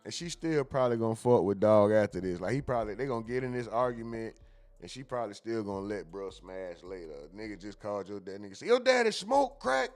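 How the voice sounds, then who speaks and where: A man hosts a show where he casually comments on viral clips, often laughing, joking and mimicking lines he hears. His voice is lowish and a little mellow, and he talks fast.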